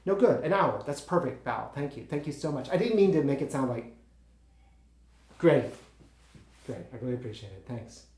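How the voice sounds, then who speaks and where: Flustered now, the one-man play's young actor character, insecure and easily frustrated, talks to unheard partners in stammering fits and restarts. His mid-range voice is very animated with a darkish tone, and the theatre stage lends a roomy sound.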